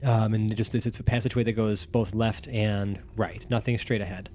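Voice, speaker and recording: A man's voice: on the low side, steady tone, a little fast, a little mellow. A young man narrating as game master of a tabletop game, casual and full of fillers and restarts. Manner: rambling, many fillers and restarts.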